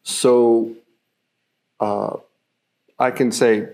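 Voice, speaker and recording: A man's voice: lowish voice, a little slow, creaky, pauses often, a little mellow. A man giving a live-streamed self-mastery teaching talk, reflective and explaining through everyday examples, with many fillers.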